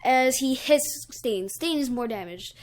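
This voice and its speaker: A woman's voice: sits high, lively intonation, a little slow. A woman improvising a fan story as a rambling retelling, full of fillers and restarts.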